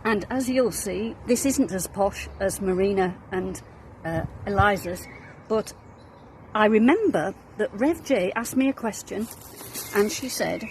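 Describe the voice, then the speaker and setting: A woman's voice: mid-range voice, expressive, a little slow, a little mellow, low-quality recording. A woman with a Darlington accent explains things to children in a friendly, patient way. She is outdoors in her garden, with faint traffic passing in the background. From North East England. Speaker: minister.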